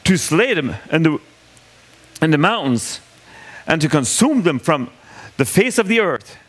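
A man's voice: on the high side, very animated, a little slow, fairly bright tone. A man preaching a sermon in a conversational way, asking the congregation questions and acting out the lines he quotes.

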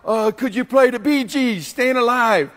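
A man's voice: very high-pitched, measured pace, pitched above the performer's own voice. A man voicing an eager teenage boy calling a radio station with a pleading song request, in an echoey hall.

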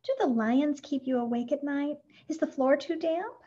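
A woman's voice: high voice, moderate pace, dark tone, voice pushed up, lightly acted. A woman voicing a fretful, doting middle-aged lady who questions anxiously in a storybook read-aloud. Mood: worried. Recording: dull lo-fi recording.

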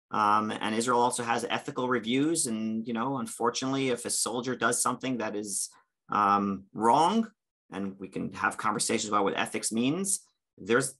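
A man's voice: lowish voice, pushed and bright. Impassioned man speaking on a panel. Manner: earnest, impassioned, hesitant with fillers. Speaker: panelist, campus religious director. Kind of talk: panel discussion.

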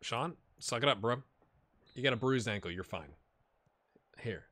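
A man's voice: lowish voice, expressive, moderate pace, pauses often, fairly bright tone, no echo. A man hosting a gaming video, giving rambling, chatty commentary with jokey asides to the players. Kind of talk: casual gameplay commentary.

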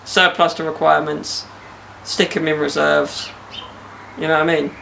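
Young man, podcast host, casual joking banter, slangy, gravelly creaky voice, slightly high. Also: level tone, moderate pace, pushed and bright, a little hiss or hum. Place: outdoors in a garden.

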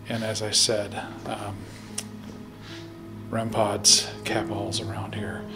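A man investigating a haunted hospital at night, talking in a hushed voice, often whispering, and calling out to spirits in a cold dark basement. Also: on the low side. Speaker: paranormal investigator. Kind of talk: ghost hunting vlog commentary.

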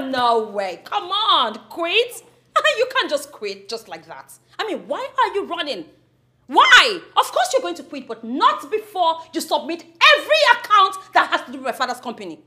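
A woman's voice: very high voice, wildly swooping pitch, normal speed, sharp tone, full character voice. An actress playing a defiant young woman with a Nigerian accent, confronting her uncle in front of her mother. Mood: taunting. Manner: taunting, confrontational. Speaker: daughter.

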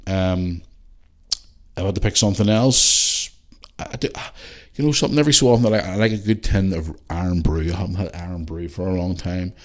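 A man's voice: low voice, fairly quick. A man hosting a casual solo podcast, chatting in a rambling way and swearing freely. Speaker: podcast host.

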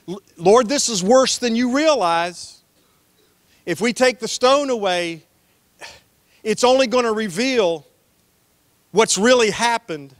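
A man's voice: a little high, fairly bright tone, no echo. A man preaching a sermon as pastor, telling stories in a folksy way and acting out the voices he quotes.

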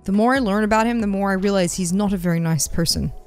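A woman co-hosting a casual gameplay chat, excitable and quick to react. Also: medium pitch, faint music behind. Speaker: gaming channel co-host.

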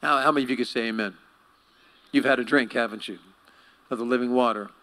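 Bright-voiced animated male pastor. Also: medium pitch, fast talker. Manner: animated, asking the congregation questions. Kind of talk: sermon.

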